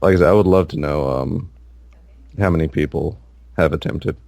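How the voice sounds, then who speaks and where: A man with a deep, gravelly voice co-hosts a casual gaming podcast. He rambles with plenty of fillers and restarts. His close mic sounds dry and dead. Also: moderate pace, darkish tone, no echo. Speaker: podcast co-host.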